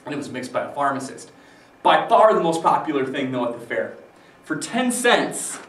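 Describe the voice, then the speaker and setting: A man teaching a casual, joking history lesson to his students, full of fillers and asides. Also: medium pitch. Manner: chatty, joking, loose with fillers. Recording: roomy, distant mic with faint background noise.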